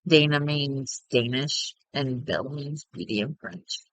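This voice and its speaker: A woman's voice: rumbling low, takes it slowly, no room sound, poor audio. A woman, chatting casually and at length as a streamer while she plays a game. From Texas. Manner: chatty and rambling, with frequent laughter.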